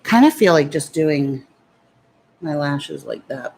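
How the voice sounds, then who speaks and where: A woman's voice: deep voice, lively intonation, slow pace, vocal fry, darkish tone. A woman beauty vlogger chatting casually while doing her makeup and answering viewer comments in a defiant, talkative way. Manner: defiant, chatty, talks back to critics.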